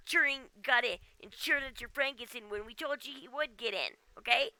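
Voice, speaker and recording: A woman's voice: a little high, moderate pace, bright, forceful tone. A woman game streamer ranting casually at home, exasperated and often ending with "okay?". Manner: exasperated, keeps tagging "okay?". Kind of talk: casual livestream rant.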